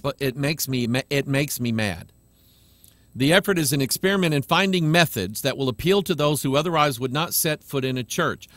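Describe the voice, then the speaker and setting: A man's voice: mid-range voice, expressive, moderate pace, fairly bright tone, no echo. A man, a pastor and webcast host, preaching bluntly and mocking imagined critics on a live webcast.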